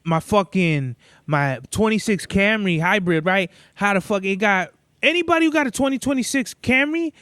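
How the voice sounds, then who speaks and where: A man's voice: sits high, lively intonation, moderate pace, a bit bright, no room sound, studio quality. A young man hosting a solo podcast, telling rambling stories in a laid-back, profanity-heavy way. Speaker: podcast host. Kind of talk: casual solo podcast monologue.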